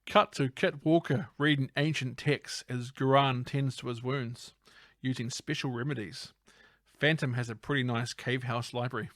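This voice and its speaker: A man's voice: medium pitch, steady tone, normal speed, a bit bright, dry recording, studio quality. A man co-hosting a casual comedic film recap podcast, narrating the scenes one by one in an upbeat way. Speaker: podcast co-host.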